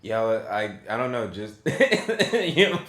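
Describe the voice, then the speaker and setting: Man, podcast co-host, self-deprecating jokes, high-ish lively voice, bright tone, echoey room. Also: takes it slowly. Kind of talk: casual chat. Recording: roomy echo.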